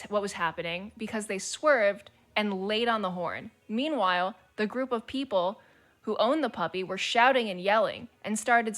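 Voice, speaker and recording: A woman's voice: mid-range voice, a bit bright. A woman streamer chatting casually and reading forum posts aloud, blunt, swearing freely and laughing as she talks.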